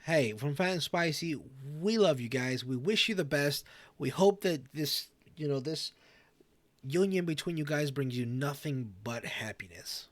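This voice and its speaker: A man's voice: fairly high pitch, unhurried, no room sound, natural voice. A man playing a goofy talk show host in a role-play game, joking around in casual banter with frequent stammered restarts. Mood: easygoing banter.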